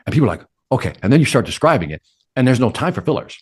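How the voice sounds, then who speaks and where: Lively fast-talking man. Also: medium pitch. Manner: animated, acts out quotes and inner talk. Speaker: sales speaker and interview guest. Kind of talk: energetic interview answers.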